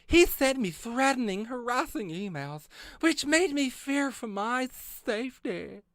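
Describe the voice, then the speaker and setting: A man putting on the high, strained voice of an indignant middle-aged woman reading out a complaint. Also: lively intonation, a little slow, fairly bright tone, no echo, exaggerated voice.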